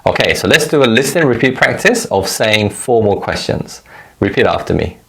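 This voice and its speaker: A man teaching a recorded language lesson, giving clear, measured explanations and modeling example phrases for learners to repeat. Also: fairly low pitch, very animated, a bit bright.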